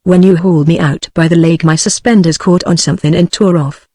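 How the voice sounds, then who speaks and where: A woman's voice: fairly low pitch, fairly quick, no echo, clean studio sound, lightly acted. Synthetic woman reading a desperate frontier sheriff. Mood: pleading. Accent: British English. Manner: flat synthetic reading of dialogue. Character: desperate middle-aged male frontier sheriff.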